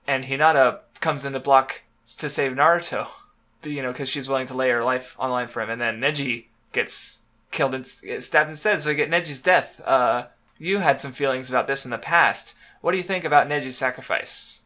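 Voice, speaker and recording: A man's voice: medium pitch, a little fast, pushed and bright. A young man co-hosting a casual manga podcast, rambling with many fillers and restarts. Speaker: podcast co-host.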